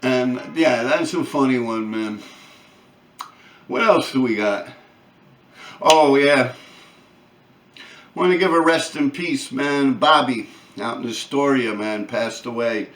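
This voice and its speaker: A man, telling profane, animated street stories on his own channel. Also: mid-range voice, slow, long pauses, recorded from a distance, slight background noise. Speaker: channel host. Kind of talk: casual storytelling. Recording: echoey room, off-mic.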